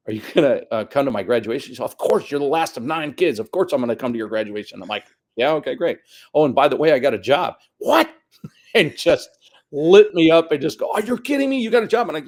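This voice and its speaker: A man in his fifties telling a long personal story as a guest on a podcast, acting out the voices of the people he quotes. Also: medium pitch. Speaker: guest soccer coach. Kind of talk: casual storytelling interview.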